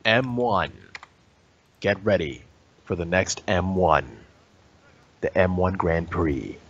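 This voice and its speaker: A man's voice: sits low, expressive, slow, breathy edge, dull audio. A man hosting a casual live stream, chatting in a playful, rambling way. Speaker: host.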